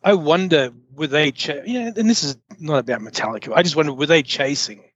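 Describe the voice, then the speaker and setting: A man's voice: a little high, animated, quick pace, slightly rough, no echo. A man co-hosting a podcast, giving his opinions earnestly in a casual chat. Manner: earnest and opinionated, with frequent fillers. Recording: dull, lo-fi line.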